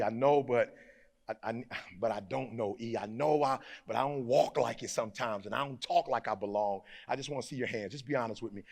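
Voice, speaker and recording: A man giving a live motivational speech to an audience, moving from low, close talk to shouted call-and-response, in a preacher-like manner. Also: creaky. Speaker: motivational speaker. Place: large hall before a live audience.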